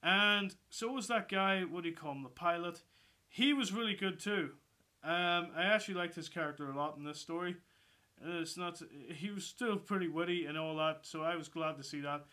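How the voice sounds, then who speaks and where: A man giving a casual, excitable movie review, swearing freely and rambling through his thoughts. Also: a little high, normal speed. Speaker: film reviewer.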